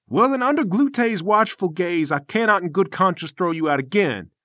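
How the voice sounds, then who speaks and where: A man's voice: high-pitched, animated, normal speed, fairly bright tone, no room sound, clean studio sound, voice pushed up. A man doing a pompous temple master. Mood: indignant. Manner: haughty, formal speech. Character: pompous heavyset male temple master, indignant.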